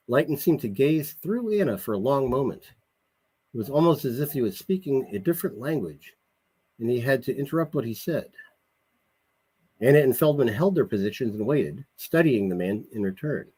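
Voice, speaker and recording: A male author reading his own novel aloud in an expressive storytelling manner, with a husky voice. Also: medium pitch, normal speed, rough recording.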